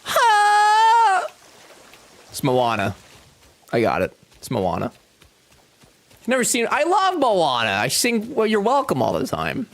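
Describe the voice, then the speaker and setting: Slow-talking joking streamer man. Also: a little high, wildly swooping pitch, vocal fry, a bit bright. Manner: joking and profane, talks back to chat. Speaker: game streamer. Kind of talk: casual live-stream chat. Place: home.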